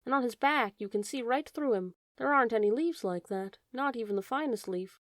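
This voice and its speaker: A woman's voice: fairly high pitch, expressive, fairly quick, no echo, studio quality, close to an everyday voice. A woman voicing a curious, eager young male fawn who asks polite, wondering questions.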